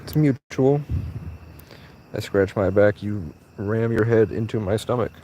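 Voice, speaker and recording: A man's voice: fairly low pitch, a little slow, warm tone, slight background noise. Playful man teasing a cat outdoors. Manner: playful, teasing, crude mock-mystical banter. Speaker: livestreamer. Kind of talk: casual live stream, talking to a cat. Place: outdoors at night on a work break.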